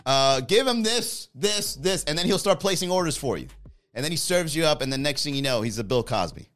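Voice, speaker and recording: A man's voice: on the high side, expressive, brisk, fairly bright tone, faint music behind. A man hosting a livestream in casual chat, joking and rambling and laughing often. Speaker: livestream host.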